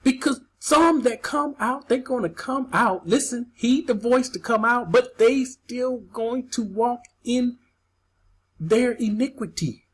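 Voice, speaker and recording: A woman's voice: on the high side, husky. A woman preaching a sermon, emphatic, repeating key phrases and asking her listeners questions.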